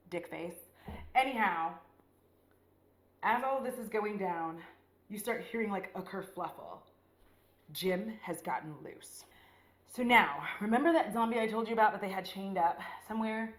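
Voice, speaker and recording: A woman's voice: mid-range voice, moderate pace. A woman rambling casually and profanely while doing her makeup, retelling a movie. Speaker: beauty vlogger. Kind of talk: casual get-ready-with-me chat. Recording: roomy echo.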